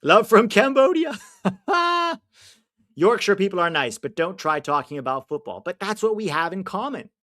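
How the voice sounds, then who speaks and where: High-voiced and brisk, with hardly any pauses, an American man reacts to a football match during his live watch-along. He talks with his audience, answers their comments, and erupts with excitement at chances.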